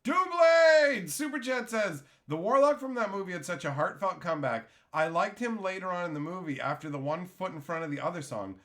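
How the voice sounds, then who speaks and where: A man's voice: high voice, animated, brisk, few pauses, fairly bright tone. A man hosting a casual livestream, rambling and joking while he reads out viewer chat. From Canada. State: tired after dental work. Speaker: livestream host. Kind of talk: casual live-stream chat.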